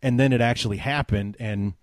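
Dry-sounding animated male podcast host. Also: mid-range voice, a little fast, dry recording. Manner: animated storyteller, lots of fillers. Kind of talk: casual sports podcast chat.

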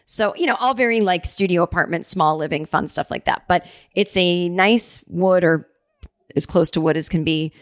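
A woman hosting her podcast from her apartment, telling stories in a chatty, animated way and acting out the people she quotes. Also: lowish voice, moderate pace, dry recording. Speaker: podcast host. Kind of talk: casual solo storytelling. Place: home apartment.

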